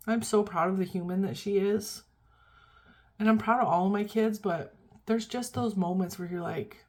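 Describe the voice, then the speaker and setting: A woman's voice: medium pitch, normal speed, darkish tone. A middle-aged woman vlogging in a rambling, chatty, self-deprecating way, tired and yawning as she talks. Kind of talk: casual chat.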